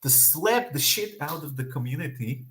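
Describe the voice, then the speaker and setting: A man's voice: on the high side, animated, moderate pace, fairly bright tone, slight background noise. A man co-hosting a casual crypto chat, blunt and profane, often restarting his sentences. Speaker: co-host.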